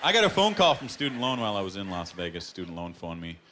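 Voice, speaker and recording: Canadian man doing stand-up, lively delivery. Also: low voice, fast talker, background noise. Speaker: stand-up comedian. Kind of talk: stand-up comedy set. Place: comedy club stage. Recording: live stage with loud audience laughter.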